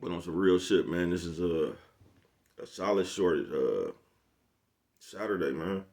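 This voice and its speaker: A vlogger from the San Francisco Bay Area, with a low, unhurried, darkish voice and a Bay Area accent, talks casually to the camera. His monologue is slangy and rambling, and he laughs often.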